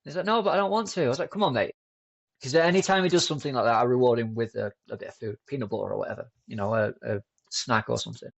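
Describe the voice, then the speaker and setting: A man as a podcast guest, chatting in a relaxed, rambling way with many fillers and restarts. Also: medium pitch, quick pace, vocal fry, dull audio. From United Kingdom. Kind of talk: casual conversational storytelling.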